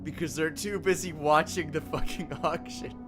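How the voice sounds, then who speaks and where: A man's voice: on the high side, fairly even intonation, normal speed, music in the background. A man narrating as game master for a tabletop game, explaining rules and laughing often. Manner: rules-explaining, laughing, calls out auction bids.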